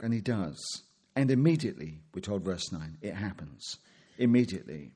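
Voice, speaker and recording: Working through rhetorical questions and quoted scripture, a man preaches with a pitch that climbs and dips in a sing-song way. His slightly husky, somewhat mellow voice keeps a measured, expository pace.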